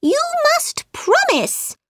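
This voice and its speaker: Lady doing a squeaky little storybook mouse guy, jumpy and touchy, really high. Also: huge pitch swings, slow, a bit bright, no echo, clean studio sound, exaggerated voice. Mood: earnest. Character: small timid male mouse, easily upset. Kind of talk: storybook reading.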